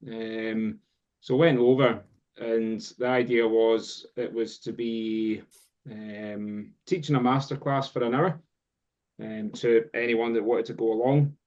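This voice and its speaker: A Scottish man at mid pitch tells a story in a loose, rambling way, full of fillers and side turns. His voice comes through a muffled, lo-fi recording that rounds off the top end. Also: steady tone, takes it slowly, a little mellow. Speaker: guest drum teacher. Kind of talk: casual chat. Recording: dull lo-fi sound.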